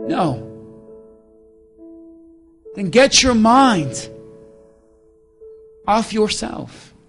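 A pastor with a strikingly high-pitched voice preaches his sermon. His delivery swings from loud emphatic calls down to quiet, hushed lines. Soft music plays faintly underneath.

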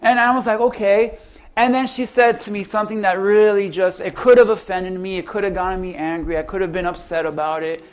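Male pastor, middle-aged, high-pitched, storytelling preacher who rises to bursts of emphasis. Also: steady tone, fast, hardly any pauses. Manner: storytelling, rising to emphatic peaks. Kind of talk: sermon.

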